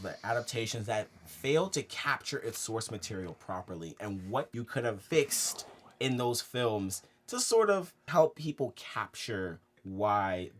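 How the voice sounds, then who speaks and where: A young man co-hosting a casual film podcast, animated and laughing as he makes his points. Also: lowish voice. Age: young adult. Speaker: podcast co-host.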